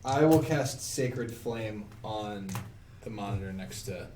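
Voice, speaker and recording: A man playing a tabletop game who talks in hesitant bits, padded with "like". He sits back from the mic, so his voice sounds roomy, with a clear layer of noise behind it. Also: fairly low pitch, takes it slowly, darkish tone, far from the mic. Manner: hesitant, fills with "like". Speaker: player. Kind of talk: casual tabletop play.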